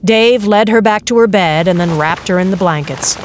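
A woman reading a novel aloud as narrator, in a steady, measured way. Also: mid-range voice, slight background noise. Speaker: audiobook narrator. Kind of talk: scripted narration.

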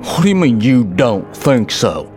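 An actor playing a stern, gruff town sheriff who asks pointed questions. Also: male voice, medium pitch, very animated, a little slow, darkish tone, faint music behind.

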